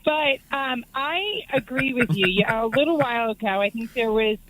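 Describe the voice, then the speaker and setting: A woman's voice: a little high, lively intonation, moderate pace, a bit bright, no room sound, low-quality recording. Playful chatty female caller. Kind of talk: call-in talk radio.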